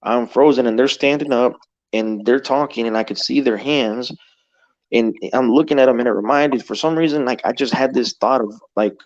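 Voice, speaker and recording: A man's voice: mid-range voice, moderate pace, highs cut off. A man telling a story in a casual, rambling way, swearing freely and filling gaps with "you know.". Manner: rambling and profane, heavy on "you know" fillers. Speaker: guest telling an encounter story.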